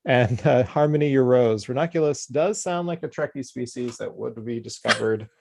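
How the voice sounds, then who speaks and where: A man's voice: medium pitch, normal speed, creaky, background noise. A man hosting a casual craft livestream, joking around and reading out viewer comments. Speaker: host. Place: Orlando.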